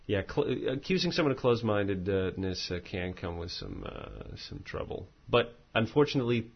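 A man's voice: fairly low pitch, animated, moderate pace, few pauses, slightly rough, dull audio. Rambling self-mocking podcast host man. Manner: rambling, self-mocking, stumbles over words. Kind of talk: casual chat, reading listener mail.

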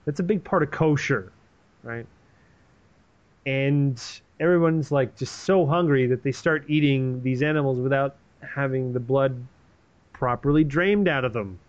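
A man's voice: medium pitch, a little slow, dull audio. A man retelling a story in a casual, comedic way, swearing and rambling with plenty of animation.

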